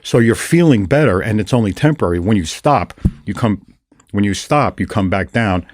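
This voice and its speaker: An older man hosting a podcast, chatting casually and retelling his encounters with lively storytelling. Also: on the low side, moderate pace, no echo, clean studio sound. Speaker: podcast host. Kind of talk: casual conversation.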